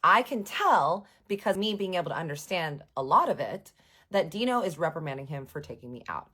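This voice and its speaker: A woman with a low voice tells a personal story in a casual vlog. She is sarcastic and animated, and she swears freely. Her delivery is lively, with quick asides and jokes. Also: husky. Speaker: vlogger.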